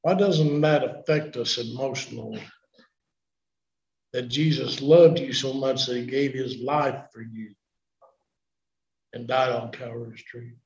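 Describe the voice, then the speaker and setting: A man in his sixties preaching a sermon in a church, swinging from shouting to hushed, emotional delivery. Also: mid-range voice, steady tone, a little slow, gravelly, long pauses, roomy sound, lo-fi sound. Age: 60s.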